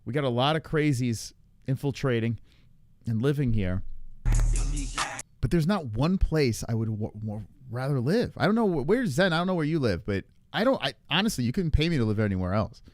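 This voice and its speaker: A man's voice: medium pitch, big pitch swings, normal speed, a little mellow. A man hosting a live stream, chatting casually and reacting to viewer comments with swearing, laughter and rambling restarts. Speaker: livestream host.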